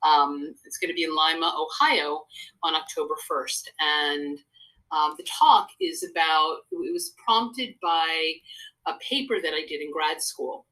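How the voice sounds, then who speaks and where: An older woman talks through stories earnestly in a casual interview, her voice bright and forceful. Her pitch sits a little low for a woman. She wanders through her points as a guest and therapist would. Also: a little slow, rough recording. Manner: earnest, rambling storyteller. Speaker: guest, psychotherapist and speaker.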